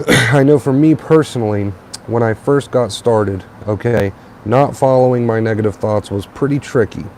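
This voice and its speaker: A young man hosting a late-night livestream on a tablet, a little tired, relaxed and repetitive, with plenty of uh and um. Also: mid-range voice, moderate pace, a little hiss or hum. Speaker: livestream host. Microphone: tablet mic.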